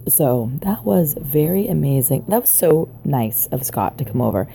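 A very deep, gravelly woman's voice with lively, swooping pitch, chatting and giggling through loose filler words. She talks into a phone recorder from a restaurant booth, with faint noise in the background. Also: normal speed. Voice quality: sultry, low voice. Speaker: podcast host. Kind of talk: casual chat. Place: large booth in a busy mall restaurant. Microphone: phone voice recorder held up close.

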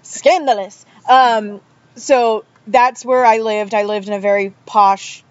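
A woman's voice: on the high side, takes it slowly. Chatty woman telling stories, lo-fi sound. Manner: animated storyteller, acts out quotes. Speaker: podcast guest. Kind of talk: casual podcast chat. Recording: dull lo-fi audio.

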